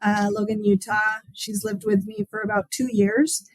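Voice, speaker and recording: A woman's voice: mid-range voice, steady tone, normal speed, low-quality recording. A middle-aged woman, a podcast guest, introducing her mother with a hesitant, filler-filled delivery. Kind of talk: casual podcast interview.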